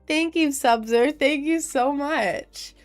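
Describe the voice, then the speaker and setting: A woman's voice: sits high, takes it slowly. A woman streaming live and chatting casually as she reads viewer comments aloud. She is congested after a cold, so her voice sounds nasal, and she fills her talk with "um" and "like.". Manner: chatty, with many fillers like "um" and "like". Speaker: livestreamer and musician.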